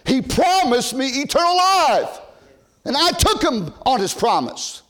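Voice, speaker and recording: An older man preaching an old-time sermon from a church pulpit, rising to loud shouted emphasis and dropping to quiet asides. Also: extremely high pitch, very animated, unhurried. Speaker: pastor.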